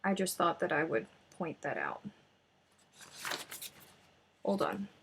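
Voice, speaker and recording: A woman's voice: fairly low pitch, huge pitch swings, takes it slowly, vocal fry, background noise. A woman hosting a crochet live stream, chatting casually and muttering to herself as she hunts for her notes. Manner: chatty, scatterbrained, talks to herself. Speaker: crochet livestream host.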